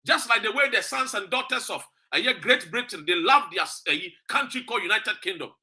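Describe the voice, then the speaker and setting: Brief: Ghanaian male host, impassioned political commentary, high bright voice. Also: expressive, fairly quick. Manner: switches between English and Twi, preachy and emphatic.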